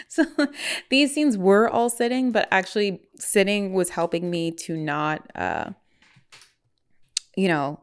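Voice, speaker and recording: A woman's voice: medium pitch, unhurried. A woman who is an actor narrates her week in a chatty, self-mocking way and laughs often. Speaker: actor and vlogger. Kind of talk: voice-over narration. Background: music.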